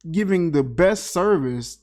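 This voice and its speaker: A man's voice: on the high side, animated, unhurried, a little mellow. A man giving a casual, comedic movie review, riffing with incredulous, slangy asides. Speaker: film reviewer.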